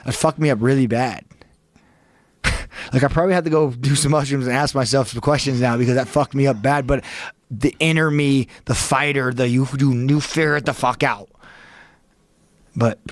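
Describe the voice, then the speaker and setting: A man's voice: mid-range voice, steady tone, normal speed, pauses often, dry recording. A man guest on a podcast telling a story intensely, swearing heavily and quoting his own inner voice. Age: adult father. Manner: intense, heavily profane, talks to himself in quoted self-talk. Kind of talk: animated storytelling. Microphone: studio podcast mic.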